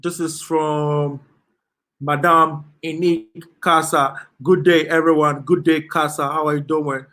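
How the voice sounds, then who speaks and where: Ghanaian male host, unhurried delivery, slightly raised pitch, relaxed live-stream chat. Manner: slow, relaxed, laughs often, slips into Ghanaian Pidgin. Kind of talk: casual live stream chat, reading comments.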